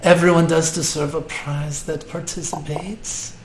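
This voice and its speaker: A man's voice: fairly high pitch, flat delivery, unhurried, pitched above the performer's own voice, close to an everyday voice. A man voicing a glamorous, sultry female professor who teases the students playfully. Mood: teasing. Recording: roomy room with faint noise.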